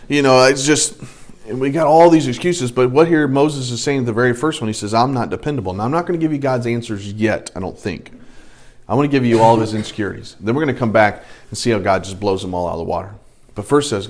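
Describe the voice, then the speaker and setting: A man teaching a bible study to a group in a church room, lively, acting out the people in the passage as he reads. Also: medium pitch, fairly quick. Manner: lively, acts out the speakers in the text. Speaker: pastor.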